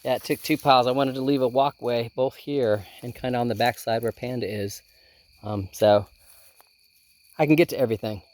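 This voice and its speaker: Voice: mid-range voice, fairly even intonation, a little fast, a little mellow. A gardening vlogger chatting to camera outdoors in a garden and hoop tunnel, thinking aloud with many ums, filmed on a handheld phone. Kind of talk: casual chat to camera while working.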